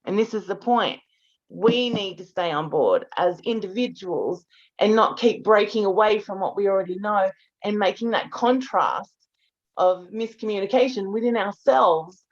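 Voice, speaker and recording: A woman's voice: medium pitch, normal speed, lo-fi sound. A woman guest in a casual spiritual chat on a video call, talking bluntly and emphatically and swearing freely.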